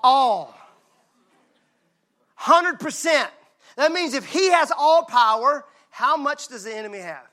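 A male pastor from Mississippi, preaching a lively, joking, conversational sermon. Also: extremely high pitch, takes it slowly, pauses often. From Mississippi, USA.

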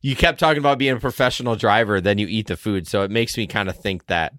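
A man's voice: lowish voice, fast, fairly bright tone, dry recording, clean studio sound. A man co-hosting a podcast, chatting casually and loosely, often trailing off and hedging. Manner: hesitant, loose conversational, trails off. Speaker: podcast co-host. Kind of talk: casual chat.

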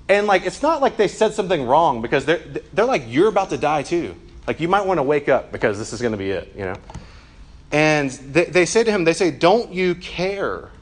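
Chatty young man preaching. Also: mid-range voice. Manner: relaxed and chatty, with frequent "like" and self-corrections. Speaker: pastor. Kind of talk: casual conversational sermon.

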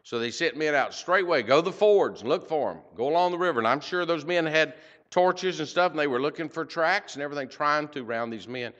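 A man's voice: on the high side, brisk, fairly bright tone, highs cut off. An older man teaching a Bible passage verse by verse, folksy, with rhetorical questions and personal stories.

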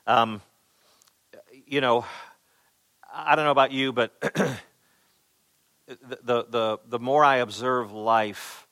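A man's voice: medium pitch, fairly even intonation, takes it slowly, pauses often, sharp tone, no echo. A male pastor preaching a sermon in a conversational way, with many fillers and repeated words, acting out quoted voices with rising emphasis.

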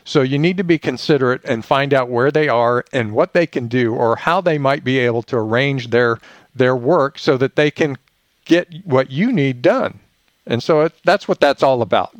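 A man's voice: mid-range voice, normal speed, no room sound. A man as a podcast guest telling a childhood story, acting out the voices he quotes. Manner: animated, acts out quoted voices. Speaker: podcast guest, leadership author. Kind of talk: casual storytelling.

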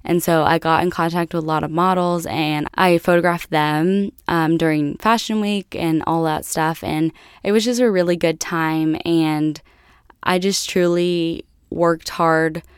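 A woman's voice: deep voice, steady tone, measured pace, clean tone, no room sound, studio quality. A young woman from the United States telling a personal story to her viewers in a chatty, casual way, full of "like". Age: young adult. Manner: chatty, lots of "like" and laughs. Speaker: vlogger.

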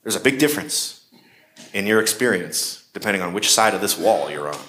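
A man's voice: low-pitched, animated, fairly quick, sharp tone, slight background noise. A man preaching a sermon in a conversational way, with shifting emphasis. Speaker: pastor.

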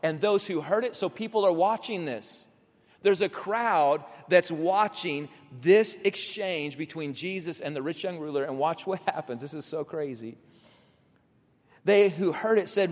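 Male pastor with a fairly high voice, preaching with big swings in volume, in a reverberant hall. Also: moderate pace. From Kansas. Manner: animated preacher, acts out dialogue, swings from loud to hushed. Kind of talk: sermon.

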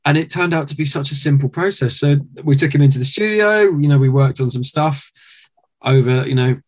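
A British man telling stories as an interview guest, rambling and animated, with many fillers and restarts. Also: a little high, fairly quick. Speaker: guest musician. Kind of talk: casual interview.

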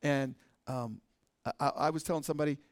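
A man's voice: on the high side, fairly even intonation, fairly quick, no echo, studio quality. A middle-aged man with an American accent preaching a sermon as pastor, talking in a conversational way and often checking with "right?".

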